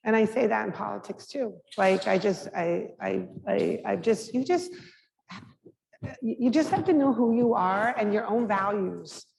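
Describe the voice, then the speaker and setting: Gravelly middle-aged woman, candid and frank. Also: mid-range voice, a little slow, darkish tone. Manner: frank, conversational, many restarts and fillers. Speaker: mayor, guest speaker. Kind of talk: candid Q&A answers at a public talk. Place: lecture hall. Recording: reverberant hall with faint background noise.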